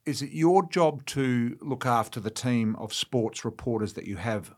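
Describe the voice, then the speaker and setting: An Australian man hosting a podcast interview, chatty and quick with short agreeing remarks. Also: mid-range voice, animated. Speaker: podcast host. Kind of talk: casual interview chat.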